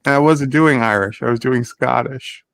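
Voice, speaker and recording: A man joking around in a casual podcast chat, playful and quick to defend himself. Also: medium pitch, creaky, fairly bright tone. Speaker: podcast co-host.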